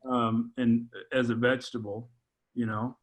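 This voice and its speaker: Guy on a podcast sharing a heartfelt story, keeps restarting sentences, mid-pitched voice. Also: little pitch movement. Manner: halting, with frequent restarts and repeated words. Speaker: podcast guest, father. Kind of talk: heartfelt personal testimony in conversation.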